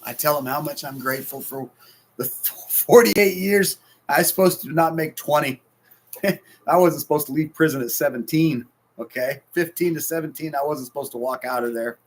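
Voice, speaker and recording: A man in his forties preaching a heartfelt sermon, swinging between loud bursts and hushed, near-whispered lines. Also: on the high side, moderate pace. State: sleepless and stressed. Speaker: pastor.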